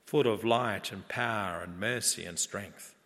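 A man preaching a sermon in a measured, earnest way that builds in emphasis. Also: on the low side, fairly bright tone. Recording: long reverb of a large hall.

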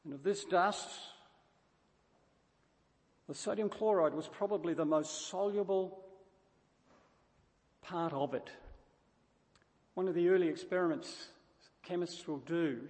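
A preacher with a high-pitched, slightly mellow voice emphatically repeats his points throughout a sermon, frequently stumbling and starting over. The sound echoes with a long reverb, suggesting a large hall.

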